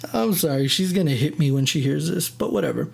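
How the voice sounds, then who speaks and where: A man's voice: a little high, gravelly, husky. A man hosting his own podcast, telling a personal story in a rambling, self-deprecating way that keeps drifting off on tangents. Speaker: podcast host. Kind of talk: casual solo storytelling.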